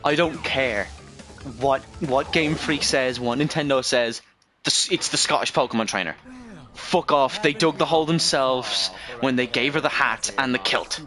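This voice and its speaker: Bright-voiced, rambling male game streamer. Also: medium pitch, normal speed, soft background music. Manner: rambling, profane, frequent self-corrections. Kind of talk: casual gameplay commentary.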